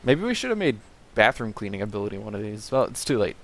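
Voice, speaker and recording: A man's voice: on the low side, sing-song, quick pace, vocal fry, a bit bright. A man co-hosting a casual comedy podcast, dryly steering the segment over a remote call. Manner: dry, bossy, steers the segment. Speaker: podcast co-host.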